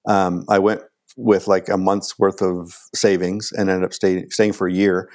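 A man, chatting casually as a guest and telling an animated story. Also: deep voice, measured pace. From Canada. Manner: animated storyteller acting out quoted lines.

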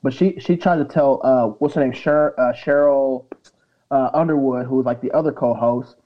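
Man co-host, conversational, animated retelling, dull lo-fi mic. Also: mid-range voice, moderate pace. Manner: animated retelling, acting out quotes. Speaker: podcast co-host. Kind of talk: casual chat.

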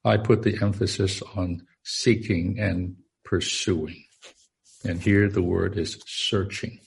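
Slow, gravelly-voiced man preaching. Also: deep voice, fairly even intonation. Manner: halting, many fillers and repeated words. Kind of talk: sermon.

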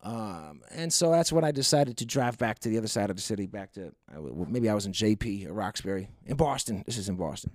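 A man's voice: on the low side, expressive, quick pace, hardly any pauses, a little mellow, dry recording, studio quality. A man telling a long personal anecdote in a rambling, wry, profane way. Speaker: storyteller. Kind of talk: casual anecdote monologue.

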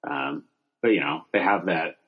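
A man with a fairly low voice rambles along as a podcast co-host. He keeps a deadpan delivery and loses his way in filler words and restarts. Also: moderate pace. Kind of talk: casual comedic chat.

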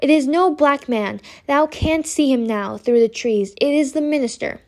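A woman reading aloud and voicing a weary, protective mother who speaks softly and a little impatiently. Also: high-pitched, moderate pace.

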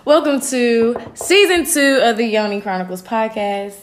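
A woman's voice: on the high side, normal speed, hardly any pauses. A woman hosting a podcast, chatting casually and teasing her guests. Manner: playful, teasing, lively introductions. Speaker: podcast host.

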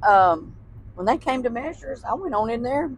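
A woman's voice: fairly high pitch, animated, normal speed, breathy edge, rough recording. A woman, a guest telling childhood stories in casual chat, laughing often and using folksy phrasing. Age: 60s.

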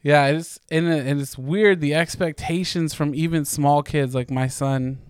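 A man's voice: on the high side, steady tone, a little slow, a little mellow, clear, resonant tone, no echo, clean studio sound. A man in his thirties co-hosting a podcast, chatting casually with lots of fillers and the odd swear word. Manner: rambling, with frequent likes and casual swearing. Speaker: podcast co-host. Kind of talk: casual chat.

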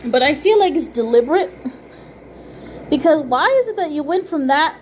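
A woman's voice: high voice, animated, normal speed, darkish tone, slight background noise. A woman from the American Southwest, hosting a casual monologue podcast, ranting heatedly and swearing freely. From Southwestern United States. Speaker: podcast host. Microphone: home voice recording.

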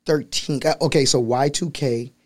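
A man in his thirties from Liberia with an American accent, telling stories as a guest in a casual, slangy, animated chat. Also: mid-range voice, moderate pace. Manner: animated, slangy, mimics voices. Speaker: podcast guest.

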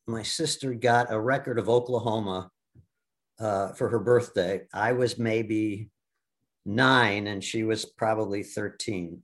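A man in his seventies from the US Midwest, telling his life story as a guest in a casual interview, halting with many restarts and fillers. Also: on the low side, a bit bright. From Milwaukee, US Midwest. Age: 70s. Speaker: guest, stage actor.

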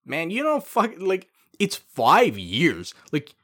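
A man's voice: a little high, huge pitch swings, slow, bright, forceful tone. A man co-hosting a casual podcast, ranting heatedly and swearing freely. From not from Japan, living there. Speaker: podcast co-host.

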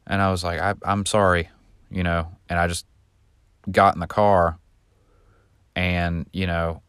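A man hosting a podcast, telling a long personal story in a casual, rambling way and getting animated when he reenacts what people shouted. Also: low voice, unhurried, clean tone, no echo, clean studio sound. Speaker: podcast host.

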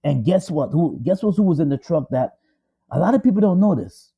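Guy telling a story all dramatic, repeats stuff, husky voice, pitch all over. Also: very animated, fairly quick. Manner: emphatic, repetitive, building suspense. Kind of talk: dramatic spoken retelling. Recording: dull lo-fi audio.

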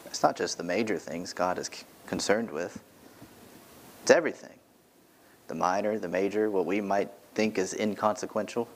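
A pastor preaching a sermon from the pulpit of a church, earnest and emphatic, repeating key phrases for weight. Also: male voice, deep voice, normal speed, a little hiss or hum.

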